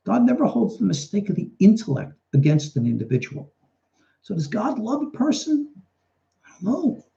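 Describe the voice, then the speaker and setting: A man's voice: high voice, wildly swooping pitch, normal speed, gravelly, warm tone. A rabbi talks through viewer questions on a live stream, a man with a chatty, storytelling manner. His voice swings freely up and down as he talks. The sound is dull and lo-fi, like a webcam mic. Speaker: rabbi and teacher hosting a live Q&A. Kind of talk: casual live question-and-answer talk. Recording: dull lo-fi livestream audio.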